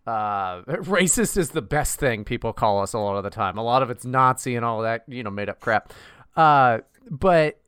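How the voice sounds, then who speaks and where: A man's voice: mid-range voice, normal speed, clean tone, no echo, clean studio sound. A man co-hosting a podcast, chatting casually and mocking things with lots of swearing. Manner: profane, mocking, animated. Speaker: podcast co-host. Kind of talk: casual chat.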